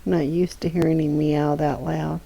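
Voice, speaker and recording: A woman streaming from her home desk, talking slowly and softly to her cat in baby talk. Her voice sits low with a gravelly fry and a dark, mellow tone. She speaks into a desk microphone. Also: flat delivery, rough recording. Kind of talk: casual chat with her cat while gaming.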